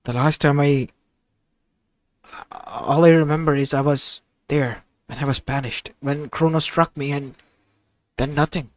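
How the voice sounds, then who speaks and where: A man's voice: fairly high pitch, fairly even intonation, a little slow, pauses often, no echo, natural voice. A man voicing a hesitant, confused young titan. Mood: earnest. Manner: hesitant, stammering. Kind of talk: improvised fan-fiction audio story.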